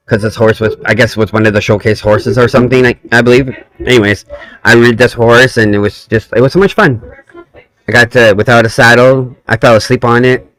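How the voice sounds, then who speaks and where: Dude joking around on a podcast, mid voice, dry sound. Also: male voice, medium pitch, fairly bright tone, no echo. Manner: playful, teasing. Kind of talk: casual chat.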